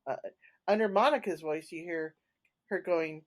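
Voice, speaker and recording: A woman guest on a podcast, a paranormal investigator talking in a chatty, animated way and laughing between points. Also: on the low side, moderate pace. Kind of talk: casual conversational storytelling.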